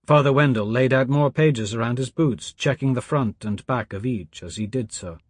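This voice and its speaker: A male audiobook narrator reading in a measured, quiet way. His voice is husky and middle-pitched. The recording is close and dry. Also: no room sound.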